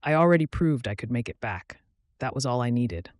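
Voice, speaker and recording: A man voicing a devoted young former football player, speaking low, earnest and tender in an audiobook. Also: expressive, a little fast, dry recording, clean studio sound, lightly acted.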